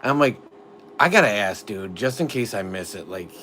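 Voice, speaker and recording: A man's voice: on the low side, animated, normal speed, sharp tone, slight background noise. A middle-aged father chatting casually on a family live stream, a rambling storyteller full of "like" fillers.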